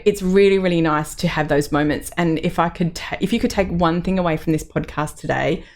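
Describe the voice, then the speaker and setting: In a solo reflective episode of her podcast, a middle-aged host from Australia talks openly and chattily, dropping lots of ums and laughing through her emotions. Her voice leans low, with a darkish tone.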